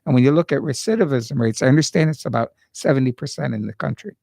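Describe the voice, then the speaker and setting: A man's voice: mid-range voice, lively intonation, quick pace, gravelly, darkish tone, no room sound, clean studio sound. A man hosting an interview, telling stories in a chatty way and repeating his words as he starts sentences. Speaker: interview host. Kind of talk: casual interview chat.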